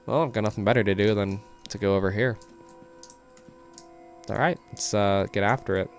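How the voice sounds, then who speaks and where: A man's voice: on the low side, normal speed, faint music behind. A young man hosting a gaming video, giving casual, joking let's-play commentary.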